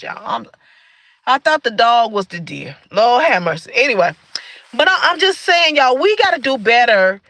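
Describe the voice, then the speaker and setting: A woman's voice: fairly high pitch, big pitch swings, moderate pace, fairly bright tone, dry recording, poor audio. A woman from Michigan hosting a livestream, talking casually and earnestly, preaching a little and greeting viewers in the chat. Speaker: livestream host.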